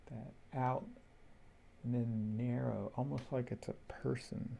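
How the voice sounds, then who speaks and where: Unhurried man with a gravelly, mellow voice, muttering thoughts as he looks through cards, faint hiss behind. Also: medium pitch, flat delivery. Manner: slow, musing, talks to himself. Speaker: tarot deck reviewer. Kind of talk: casual flip-through commentary.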